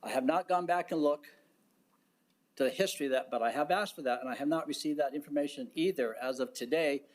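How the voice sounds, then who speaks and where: Deliberate man addressing a public board. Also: a little high. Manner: deliberate, halting, with frequent fillers and restarts. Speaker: county commissioner. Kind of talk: public meeting remarks. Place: county commission chamber.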